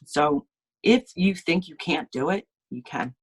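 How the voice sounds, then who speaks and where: A woman speaks in a low, earnest voice as she shares a personal testimony. She halts and restarts, close to tears, live from home over a video call. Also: husky. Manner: tearful, earnest, halting. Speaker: team member sharing her story.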